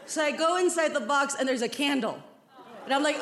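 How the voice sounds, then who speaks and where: A woman's voice: high voice, brisk, pauses often, noisy background. A woman telling a stand-up story on stage, acting out both sides of the conversation. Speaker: stand-up comedian. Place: comedy stage before a live audience. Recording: roomy stage sound, loud crowd laughter.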